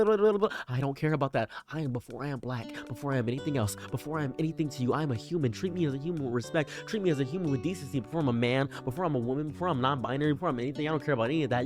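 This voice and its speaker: A man streamer talking in a rambling stream-of-consciousness monologue, rapid-fire and repetitive, jumping between excited highs and quiet mutters.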